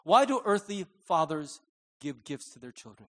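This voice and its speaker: Lively, animated middle-aged pastor. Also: male voice, a little high, moderate pace. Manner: animated storyteller acting out quoted dialogue. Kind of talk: conversational sermon.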